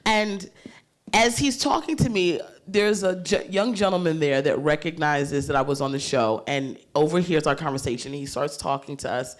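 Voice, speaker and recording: A woman's voice: sits low, normal speed. A woman comedian on a panel, telling a story candidly and animatedly, swearing freely and laughing as she goes. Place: panel stage at a leadership summit.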